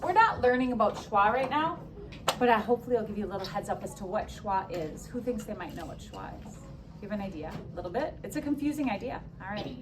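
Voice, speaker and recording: A woman's voice: medium pitch, expressive, fast talker, background noise. A woman teaching second graders a spelling lesson, upbeat and sing-song, stretching words out syllable by syllable. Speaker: elementary school teacher. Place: classroom.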